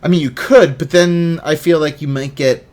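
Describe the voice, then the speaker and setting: A man in his thirties hosting a casual podcast chat, jokey and animated, swinging between loud bursts and mumbles. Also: fairly high pitch, moderate pace. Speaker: podcast host.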